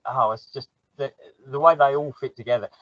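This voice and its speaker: A chatty man with a South London accent, talking at an everyday pitch. He laughs easily and slips into little acted-out exchanges as he talks. The audio is dull and lo-fi, with a very dry sound. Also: fairly even intonation, a little fast, no echo. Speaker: guest. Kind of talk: casual podcast chat.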